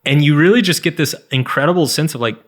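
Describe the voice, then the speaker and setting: A man's voice: a little high, fast talker. A man in his thirties, a guest author on an interview podcast, talking in a loose, rambling way full of "like" and restarts. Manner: rambling, heavy use of "like", frequent restarts. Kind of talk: casual interview chat.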